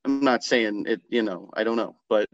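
Low-voiced man on a dull lo-fi line. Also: moderate pace, no echo, soft background music. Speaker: podcast co-host. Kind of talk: casual sports chat. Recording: dull lo-fi sound.

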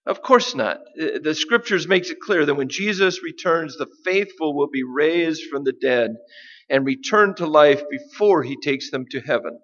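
A man preaching a sermon, deliberate and emphatic, with dramatic pauses. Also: fairly high pitch, lively intonation, fairly bright tone, lo-fi sound. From United States. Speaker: pastor.

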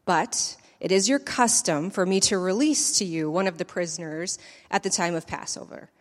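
Woman voicing a uneasy male Roman governor, pressing questions, lowish voice, echoing hall. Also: normal speed, lightly acted. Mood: questioning.

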